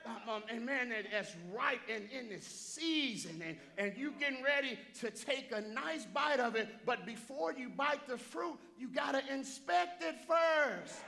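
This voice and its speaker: High, bright-voiced preaching pastor. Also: male voice, unhurried, gravelly, few pauses. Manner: lively preaching that repeats phrases and calls out to listeners by name. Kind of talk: sermon. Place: church sanctuary.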